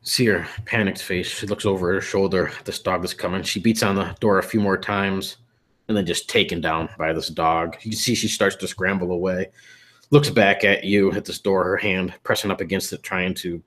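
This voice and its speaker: A man's voice: sits low, steady tone, normal speed, a bit bright. A man running a horror tabletop game as game master, narrating grisly scenes with casual fillers.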